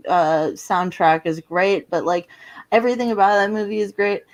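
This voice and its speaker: A woman's voice: mid-range voice, moderate pace. A woman co-hosting a podcast, talking loosely in a rambling casual chat. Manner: rambling, loose, many fillers.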